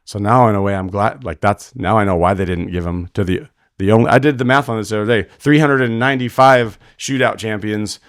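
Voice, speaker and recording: Deep gravelly man, blunt and profane, storytelling podcast guest, dry close sound. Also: fairly quick, dry recording. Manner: blunt, profane, retells scenes with quoted dialogue. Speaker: podcast guest, rodeo roper; father. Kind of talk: casual storytelling interview.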